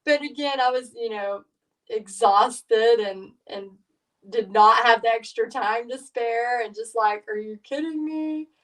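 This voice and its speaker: A woman's voice: on the high side, fairly even intonation, a little slow, fairly bright tone, distant mic, rough recording. A middle-aged woman, chatting through a live painting tutorial in a rambling, storytelling way with lots of fillers. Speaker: painting instructor.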